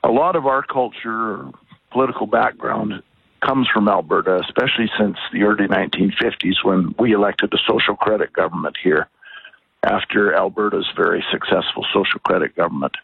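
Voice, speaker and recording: A man from British Columbia calling in to a radio talk show, speaking in a measured, thoughtful way with pauses and fillers. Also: fairly low pitch, no room sound. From British Columbia, Canada. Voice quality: husky, gravelly. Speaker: caller. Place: outdoors on a bike ride. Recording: tinny dry phone line.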